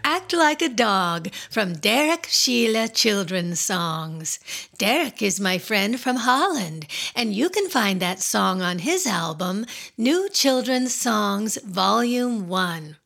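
A woman's voice: mid-range voice, very animated, takes it slowly, vocal fry, fairly bright tone. A woman hosting a children's show, talking playfully and encouragingly to young kids in a silly, sing-song way.

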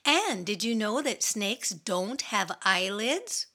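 A woman's voice: mid-range voice, big pitch swings, takes it slowly, sharp tone. A woman hosting a children's radio show, bubbly and sing-song, talking straight to the kids listening.

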